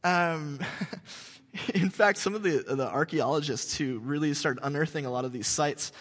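A man preaching a sermon to his congregation, telling stories in an animated, joking way with many restarts. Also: a little high, moderate pace, big-room sound. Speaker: pastor. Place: church sanctuary.

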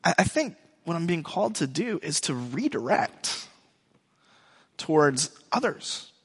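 Middle-aged man, pastor, casual rambling sermon, slightly high voice, echoing hall. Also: sing-song, a little slow, a bit bright, husky. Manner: conversational, rambling with restarts and asides. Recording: long hall reverb.

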